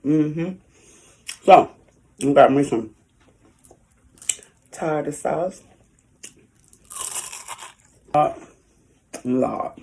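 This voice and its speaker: A woman's voice: low-pitched, drawn-out words, creaky, pauses often, dark tone, a little hiss or hum. A woman talking casually to her viewers in an eating vlog, chatty and folksy, chewing while she talks. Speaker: food vlogger.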